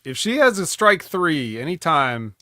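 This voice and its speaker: A man's voice: on the high side, big pitch swings, a little slow, pushed and bright, no room sound. A man co-hosting a casual wrestling review show, dropping dry, joking asides. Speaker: podcast co-host.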